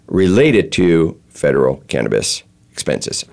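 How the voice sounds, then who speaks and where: A man's voice: on the low side, animated, a little slow, a little mellow. A man hosting a talk show, explaining step by step with many fillers and restarts. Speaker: show host. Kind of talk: explanatory chat.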